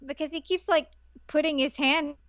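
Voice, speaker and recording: A woman's voice: sits high, moderate pace, no room sound, lo-fi sound. A woman co-hosting a podcast, recapping an anime episode in casual chat and acting out the characters' lines as she goes. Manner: animated, acts out characters' lines with laughs. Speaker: podcast co-host.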